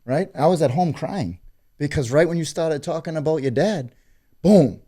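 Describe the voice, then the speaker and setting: Man, graffiti artist, mellow warm tone, emphatic, swears, podcast chat. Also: a little high, animated, moderate pace. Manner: emphatic, swearing, speaks with conviction. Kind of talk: casual podcast talk.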